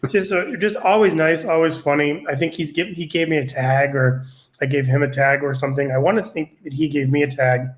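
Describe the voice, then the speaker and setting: A man's voice: a little high, brisk. Rambling, profane male comedian guest. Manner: rambling, filler-heavy, profane. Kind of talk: casual storytelling.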